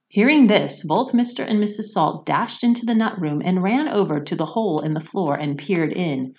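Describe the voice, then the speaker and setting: A woman teacher reading a children's novel aloud, expressive and pausing to explain words to her listeners. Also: lowish voice.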